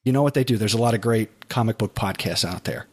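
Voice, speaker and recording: A man hosting a podcast in casual chat, who slows down to spell out web addresses. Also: on the low side, slightly rough. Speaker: podcast host.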